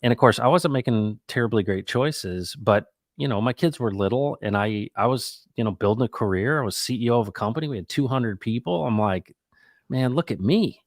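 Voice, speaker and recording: A middle-aged man hosting a casual talk, reflective and animated, acting out the people in his stories. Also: medium pitch, a little fast, few pauses, no echo, clean studio sound. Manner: animated, acts out quoted dialogue; reflective, faith-minded musing. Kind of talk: casual conversational storytelling.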